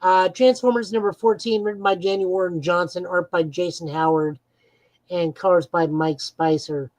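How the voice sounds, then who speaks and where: A woman's voice: lowish voice, steady tone, normal speed, darkish tone, dry recording, rough recording. A woman co-hosting a podcast, eagerly recapping comic book plots in a casual chat with frequent "uh"s. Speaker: podcast co-host.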